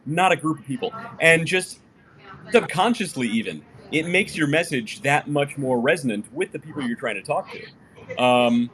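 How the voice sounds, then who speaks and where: A man's voice: mid-range voice, a bit bright. A man co-hosting a business podcast in casual chat, talking loosely with lots of fillers and restarts. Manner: chatty, full of fillers and restarts. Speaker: podcast co-host.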